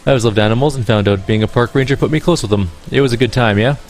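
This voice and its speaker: A man's voice: mid-range voice, very fast, soft background music, lightly acted. Male gamer doing a brawny, foul-mouthed Irish woman, put-on accent; slangy and blunt. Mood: chatty. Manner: brash, slangy, swearing. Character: tough Irish woman, brash ex-ranger.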